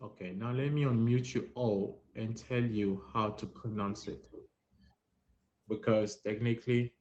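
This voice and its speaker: A man's voice: lowish voice, fairly even intonation, measured pace, a little mellow. A man hosting a playful pronunciation quiz on a live stream, teasing the players as he calls on them. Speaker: host running a live-stream French pronunciation game. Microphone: live-stream app audio. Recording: dull lo-fi stream audio.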